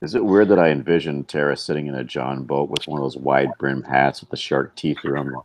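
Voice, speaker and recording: A man's voice: very deep voice, steady tone, fairly quick, a little hiss or hum. A man making laid-back, chuckling remarks in a casual chat.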